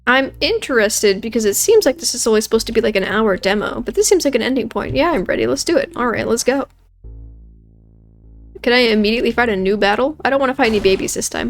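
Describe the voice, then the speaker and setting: A woman's voice: fairly high pitch, expressive, quick pace, faint music behind. A woman hosting a let's play, chatting and joking casually as she plays a video game. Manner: joking, chatty, self-deprecating. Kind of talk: gaming commentary.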